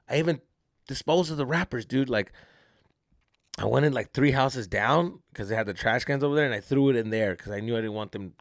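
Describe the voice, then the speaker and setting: A male comedian hosts his podcast and tells stories in a lively voice that swings up and down. He drops Spanish slang into casual English. His voice has a gravelly edge and is recorded close and dry. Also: medium pitch, no room sound. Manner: animated, mixes Spanish slang into English, says "dude" a lot. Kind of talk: comic storytelling.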